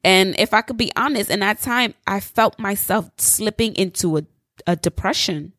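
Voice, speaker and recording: A young woman telling a personal story in an emphatic, expressive, preachy way. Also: medium pitch, moderate pace, no echo, studio quality. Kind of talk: personal testimony monologue.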